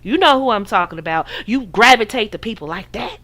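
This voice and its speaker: With a mid-range, animated voice that's brisk, pushed and bright, this American woman podcast host dishes out casual dating advice in a sassy, preachy style while impersonating her listeners' voices.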